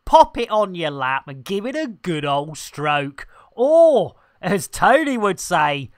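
A man's voice: high-pitched, animated, a little slow, pushed and bright, no echo, studio quality. A man streaming a game, full of playful innuendo banter and with a slight frog in his throat. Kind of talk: livestream commentary.

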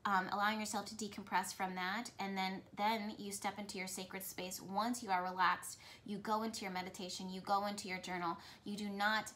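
A woman's voice: medium pitch, level tone, a little fast, hardly any pauses, fairly bright tone, slight background noise. A woman speaking directly to her viewers as a spiritual reader, talking in a flowing, repetitive, earnest way. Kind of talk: intuitive message talk to camera.

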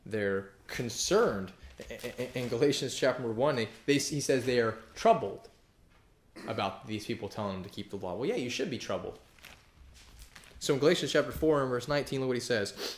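A man preaching a sermon as pastor, animated and emphatic, rising to loud peaks and acting out the voices of objectors. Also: mid-range voice, normal speed, echoey room. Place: church hall.

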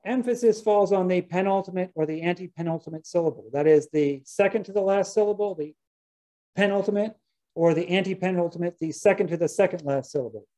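Over poor audio, a mid-range voice with a dark tone gives a casual talk to gardeners. The speaker, a botany lecturer, is chatty, often restarts sentences and drops in wry asides.

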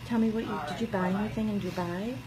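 A woman filming on a phone in a hospital room, gently shushing and coaxing with amused questions. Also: mid-range voice, steady tone, fast. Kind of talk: casual hushed chat.

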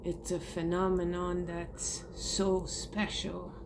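A woman's voice: on the low side, monotone, takes it slowly, background noise. A woman talking earnestly and emotionally to her viewers in a heartfelt monologue, swearing casually. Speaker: spiritual vlogger.

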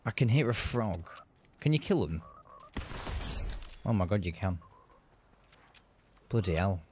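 Chatty gaming streamer, low voice. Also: male voice, expressive, unhurried, darkish tone, slight background noise. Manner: chatty, upbeat, self-narrating. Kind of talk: casual live-stream commentary.

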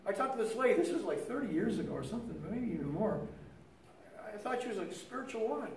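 A man's voice: high-pitched, big pitch swings, quick pace, roomy sound, recorded from a distance, slight background noise, low-quality recording. An older man giving a casual teaching talk on prayer, telling stories with many restarts. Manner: conversational storytelling with many restarts. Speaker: lay teacher.

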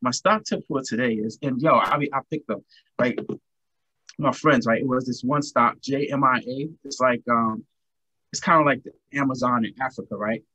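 A middle-aged man from New York City, a guest musician chatting casually and telling animated stories. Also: mid-range voice, moderate pace, husky, dry recording. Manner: chatty, storytelling, animated anecdotes. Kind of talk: casual interview chat.

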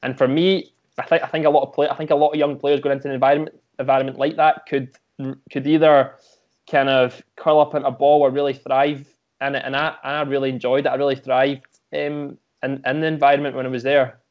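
A man's voice: mid-range voice, level tone, brisk, highs cut off. A young Scottish man, a former footballer, talking casually as a podcast guest and often restarting his sentences with repeated words. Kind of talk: casual interview chat.

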